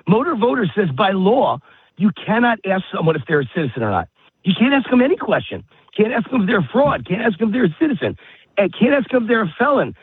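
This man's voice is high-pitched with a breathy edge, and the recording is dry but comes through as tinny phone-line audio. He's calling in to political talk radio while walking his dog, out of breath, ranting emphatically and repeating himself.

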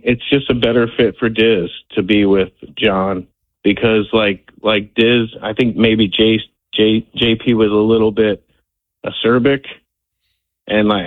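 A man calling into a radio show on speakerphone, apologetic and halting. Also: on the low side. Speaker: caller. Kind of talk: call-in phone conversation. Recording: tinny speakerphone line.

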